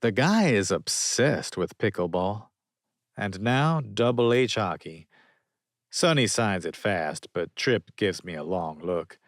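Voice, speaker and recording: A man's voice: fairly low pitch, lively intonation, slow, no echo, studio quality. A man narrating a romance audiobook in first person, wry and conversational.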